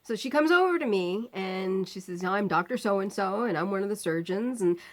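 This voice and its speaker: A woman vlogger telling a personal story, acting out the people in it with lively, rising outbursts. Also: mid-range voice, moderate pace. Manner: animated retelling, acting out quoted lines.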